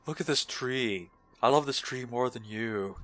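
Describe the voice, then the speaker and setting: A man voicing a snooty, stuck-up male elf in a slow, mocking way. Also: mid-range voice, a crowd in the background, natural voice. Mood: haughty. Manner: mocking, drawn-out.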